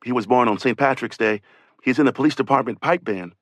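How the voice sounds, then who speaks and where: A man's voice: mid-range voice, a little fast, no echo. Man reading first-person testimony, dry. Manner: voices witness testimony in first person, conversational. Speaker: audiobook narrator. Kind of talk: oral history audiobook reading.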